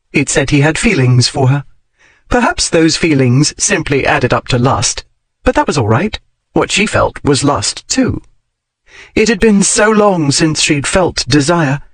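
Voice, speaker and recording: Male narrator, audiobook reading, somewhat high voice, dry close sound. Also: no room sound. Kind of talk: scripted narration.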